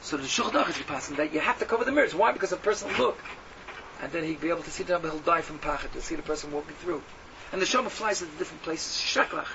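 A man giving a sermon to a class, mixing in Yiddish and Hebrew terms and swinging from hushed tones to loud exhortation. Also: fairly high pitch, animated, quick pace, creaky. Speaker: Torah teacher. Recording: dull lo-fi audio from a distance with faint hum.

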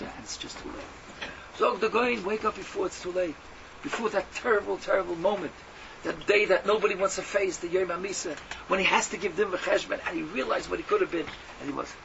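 A man giving a sermon to a class, mixing in Yiddish and Hebrew terms and swinging from hushed tones to loud exhortation. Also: sits high, a little fast, gravelly. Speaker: Torah teacher. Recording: dull lo-fi audio from a distance with faint hum.

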